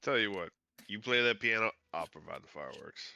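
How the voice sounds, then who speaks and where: Player guy, low voice but super bright and sharp, dry short answers. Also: animated, fairly quick, vocal fry, slight background noise. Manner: dry, laconic, profane. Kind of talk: playing a tabletop game in character.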